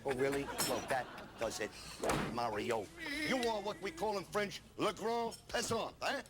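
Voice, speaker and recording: An actor playing a younger-brother plumber who shows off with fake French airs, teasing and smug, in a live-action sitcom. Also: male voice, on the high side, animated, normal speed, heavy background noise, close to an everyday voice. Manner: show-offy, teasing.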